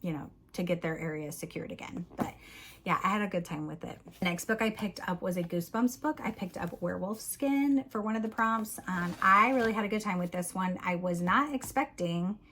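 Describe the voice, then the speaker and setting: Chatty, giggly woman with a lowish voice. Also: a little fast, a bit bright, a little hiss or hum. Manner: chatty and giggly, recapping plots with many "like"s. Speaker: book vlogger. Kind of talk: casual book review chat.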